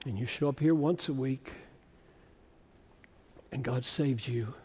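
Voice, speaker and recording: A man in his seventies preaching a sermon as a pastor, slow and emphatic, rising to loud bursts. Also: a little high. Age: 70s. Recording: long reverb of a large hall.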